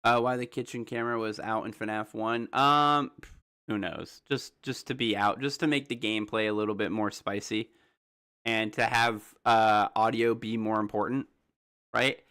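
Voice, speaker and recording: A man's voice: fairly low pitch, steady tone, normal speed, bright, forceful tone, clear, resonant tone. A man hosting a livestream, rambling through theories in loose casual chat, full of fillers and asides to viewers. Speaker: livestream host.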